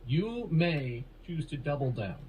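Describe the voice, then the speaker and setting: A man's voice: a little high, big pitch swings, measured pace, a little mellow, slight background noise, rough recording. A man hosting a casual podcast game, explaining rules with jokes and laughs. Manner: laughing, joking, rambling explanations. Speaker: podcast host running a game.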